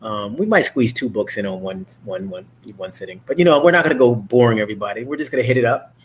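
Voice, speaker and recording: A man's voice: mid-range voice, quick pace. Man, talk show host, casual rambling monologue, lots of fillers, faint background hum. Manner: rambling, many fillers and restarts; mimics others' voices in animated quotes.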